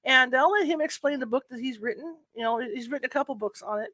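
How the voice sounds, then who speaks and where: A man's voice: very high-pitched, fast talker, sharp tone, no room sound. Rambling casual male podcast host. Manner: rambling, self-deprecating, lots of fillers and restarts. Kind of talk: casual live-show chat. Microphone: home computer setup.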